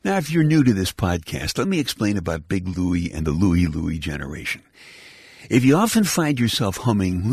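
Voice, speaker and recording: A man's voice: deep voice, big pitch swings, moderate pace, darkish tone, husky, no room sound, clean studio sound. An older man from Brooklyn, hosting a bedtime podcast and telling a folksy, rambling story with wry humor. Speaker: podcast host.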